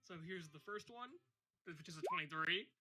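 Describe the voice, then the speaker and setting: High, bright-voiced man rolling damage. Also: moderate pace, soft background music. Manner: swears casually while rolling damage. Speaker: player. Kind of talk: casual play chat.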